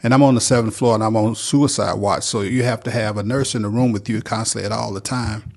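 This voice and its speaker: A man's voice: lowish voice, steady tone, fast, vocal fry, a little mellow. A middle-aged man from North Carolina, telling his recovery story as a guest in an earnest, plainspoken way. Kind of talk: personal recovery testimony.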